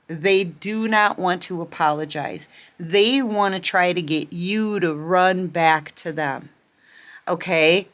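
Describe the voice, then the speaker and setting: A woman's voice: lowish voice, fairly bright tone. A woman doing a casual tarot reading at home at night, chatty and often laughing, with many fillers. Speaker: tarot reader.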